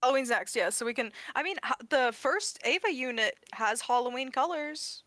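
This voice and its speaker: A woman's voice: sits high, animated, moderate pace, bright, forceful tone, no room sound, clean studio sound. A woman co-hosting a podcast in casual chat, laid-back with short replies. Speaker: podcast co-host.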